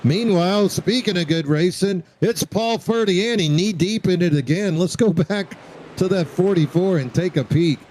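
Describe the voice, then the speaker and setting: A man's voice: high voice, normal speed, a little mellow, a little hiss or hum, low-quality recording. A man doing play-by-play commentary on a sim racing broadcast, joking and bantering with his co-host.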